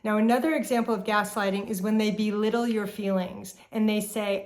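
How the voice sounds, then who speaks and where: A woman hosting a relationship advice talk, explaining calmly and speaking straight to her viewers. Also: mid-range voice, brisk, few pauses. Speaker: relationship therapist host. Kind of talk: educational talk to camera.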